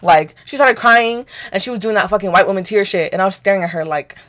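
On her podcast, this young co-host from Nigeria swears freely and acts out both parties in an argument while chatting casually. She speaks quickly with a mid-range voice.

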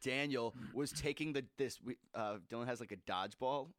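A young man in casual chat, lively and slangy, laughing as he talks. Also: medium pitch, fairly quick, no room sound, studio quality. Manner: lively, slangy, laughs through his words.

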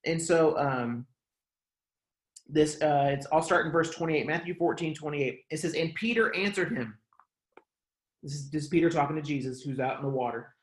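A man's voice: fairly high pitch, fairly even intonation, fairly quick. Casual preacher man in an echoey room. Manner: conversational, many fillers like "like" and "um". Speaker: pastor. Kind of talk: casual online sermon.

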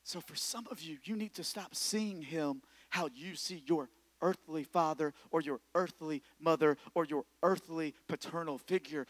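A young man preaching a sermon in church, energetic and building to shouts. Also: fairly high pitch. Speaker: pastor.

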